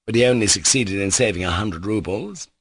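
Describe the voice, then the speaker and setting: A man narrates a classic novel in a low, steady voice. His reading is measured and unhurried. The recording is close and dry, with no room sound. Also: husky, dry recording. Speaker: audiobook narrator. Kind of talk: scripted narration.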